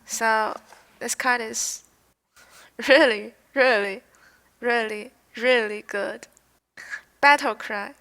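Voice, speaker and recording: A young woman streamer who is not a native English speaker, chatting casually and haltingly while reading game card text aloud on a headset mic. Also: fairly high pitch, bright, forceful tone. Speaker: game streamer reviewing cards. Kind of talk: casual live-stream chat.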